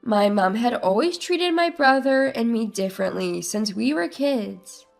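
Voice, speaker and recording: A woman's voice: a little high, lively intonation, a little slow, creaky. A woman narrating a first-person story in a subdued, plaintive manner over faint music.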